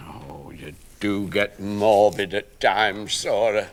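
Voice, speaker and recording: A man's voice: on the low side, level tone, takes it slowly. An actor playing a lazy husband who grumbles and defends himself against his wife. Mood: grumbling. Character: work-shy, complaining middle-aged husband. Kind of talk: television play acting.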